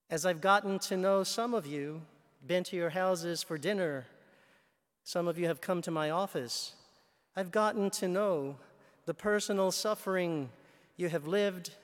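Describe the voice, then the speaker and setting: A priest delivers a measured sermon at an unhurried pace. His voice is a man's, set fairly high. The church's long reverb trails after each phrase. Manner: slow, measured delivery with storytelling asides. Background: long hall reverb.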